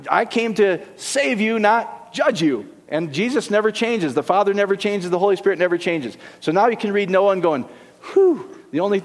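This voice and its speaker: A middle-aged man preaching with a fairly high voice, his words ringing out in a hall with a long reverb. He jokes and keeps throwing questions back at his congregation. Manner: lively, joking, rhetorical questions to the congregation. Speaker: pastor. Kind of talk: sermon.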